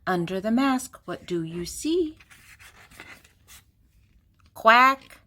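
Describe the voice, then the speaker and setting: A woman's voice: mid-range voice, expressive, a little slow. An older woman reading a children's picture book aloud, with a playful sing-song delivery and fun animal sounds.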